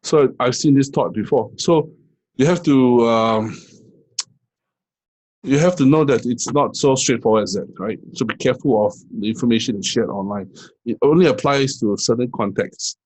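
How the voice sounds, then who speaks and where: Middle-aged male trading coach, husky, conversational screen-share lesson. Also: mid-range voice, moderate pace, a little mellow, low-quality recording. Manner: conversational, many fillers and "right?" checks.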